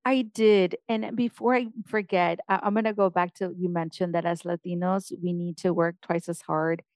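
A middle-aged Mexican woman, appearing as a guest in an interview, speaks with energy and keeps repeating punchy, encouraging phrases in a motivational style. Her voice is lowish and darkish, with a steady tone and moderate pace, and the recording is dry.

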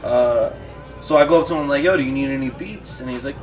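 A man's voice: mid-range voice, fairly even intonation, fast talker, background noise. A podcast host in his thirties telling a rambling, profane anecdote in casual chat, laughing as he goes. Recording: distant mic with loud music behind. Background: music playing.

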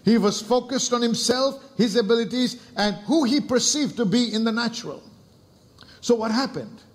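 A man's voice: very high-pitched, normal speed. A man preaching a sermon as pastor, emphatic, asking rhetorical questions and calling on the congregation to respond.

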